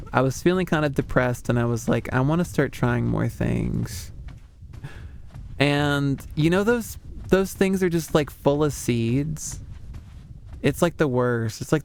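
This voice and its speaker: Male VTuber host, smooth clean voice, loose rambling chat with viewers. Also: mid-range voice. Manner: rambling, chatty, lots of fillers. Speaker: VTuber streamer. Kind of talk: casual stream chat.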